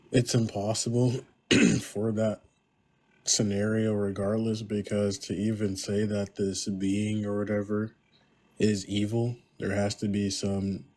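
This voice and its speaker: A man calling into a livestream, arguing a point in a measured way with hesitations. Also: lowish voice, darkish tone. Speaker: caller. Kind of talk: casual debate.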